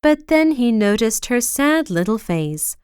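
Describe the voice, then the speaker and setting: A woman reads a children's storybook aloud, slow and expressive. Her voice is smooth and fairly high, with lively swings in pitch. The close mic gives a dry, intimate sound. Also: no echo. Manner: slow, expressive reading with big swings for effect.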